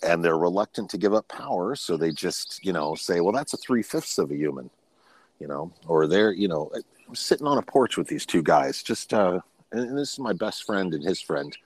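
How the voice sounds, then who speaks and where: A man in his fifties with a very low voice, speaking candidly as a podcast guest. He rambles through personal memories and keeps restarting his phrases as he looks for the words. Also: lively intonation, normal speed, a little hiss or hum. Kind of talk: personal storytelling in casual conversation.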